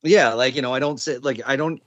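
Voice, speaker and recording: A man's voice: mid-range voice, fairly quick, fairly bright tone, dull audio. A man with a light Newfoundland accent, talking in casual podcast chat, rambling with lots of fillers and restarts. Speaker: podcast co-host.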